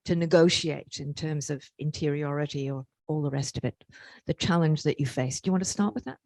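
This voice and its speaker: A woman moderating a festival panel, asking brisk, direct questions. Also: sits low, a little mellow, dry recording.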